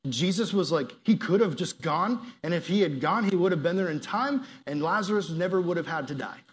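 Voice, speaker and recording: A youth pastor delivers a sermon in a high, fairly quick voice, animated as he acts out quoted prayers. At times he drops into soft, earnest appeals.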